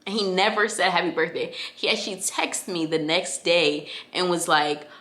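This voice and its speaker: Young woman vlogger, lowish bright voice, heartfelt and chatty, echoey room. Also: steady tone, normal speed, few pauses. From Connecticut, USA. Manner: casual, heartfelt, filler-heavy, addresses listeners as y'all. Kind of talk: candid personal storytelling.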